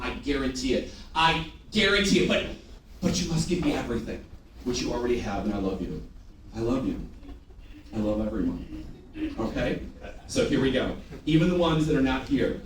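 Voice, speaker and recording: A man's voice: medium pitch, fast, slight background noise. A man giving a live sales training talk in a theatrical way, having the audience repeat phrases back to him. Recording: echoey room, picked up from a distance.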